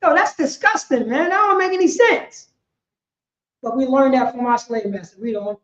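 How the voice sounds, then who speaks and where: A high-voiced woman teaches a class in a loose, animated street style, always checking in with her listeners. The sound is roomy and echoey, and the recording is dull and lo-fi. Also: normal speed. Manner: animated, slangy, frequent "you know what I mean". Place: indoor meeting hall. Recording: echoey, dull lo-fi room audio.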